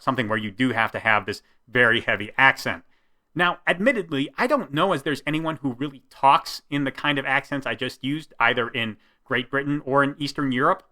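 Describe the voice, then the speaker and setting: A man with stage acting experience giving a calm, explanatory critique in a commentary video. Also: mid-range voice. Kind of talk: commentary vlog.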